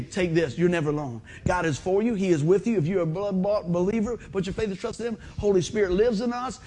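A man preaching a sermon in a folksy storytelling manner, swinging from loud bursts to quiet asides. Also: high voice, quick pace, few pauses. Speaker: pastor.

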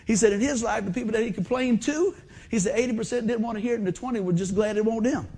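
Husky high-voiced pastor preaching. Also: male voice, quick pace. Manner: animated, folksy, asks the congregation questions. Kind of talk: sermon. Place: church sanctuary.

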